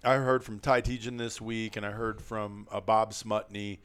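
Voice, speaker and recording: A man's voice: lowish voice, fairly even intonation, moderate pace, a bit bright, smooth. Rambling, chuckling male podcast host. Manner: rambling, chuckling, restarts sentences. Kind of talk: casual podcast chat.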